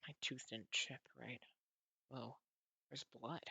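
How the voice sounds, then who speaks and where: Male manga reader as a nervous teen boy, slow and hesitant, husky tone. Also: mid-range voice, steady tone, pushed and bright, no room sound. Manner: hesitant, stammering, earnest. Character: anxious teenage boy narrating. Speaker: narrator and reader. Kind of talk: manga read-aloud.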